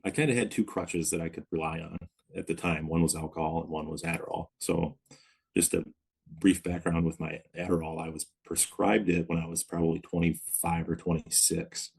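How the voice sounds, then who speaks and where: A man in his thirties, a podcast guest, telling his story of recovery in a reflective, measured way with many pauses. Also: low voice, fairly even intonation, vocal fry, darkish tone, breathy edge. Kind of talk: candid interview storytelling.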